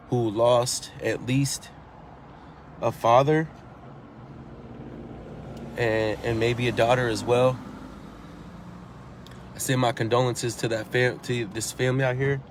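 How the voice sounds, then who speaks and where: A mid-range male voice comes through with slight background noise. An eyewitness, he earnestly and emotionally tells what he saw in his own words, circling back and restarting his sentences while the retelling grows more pressing.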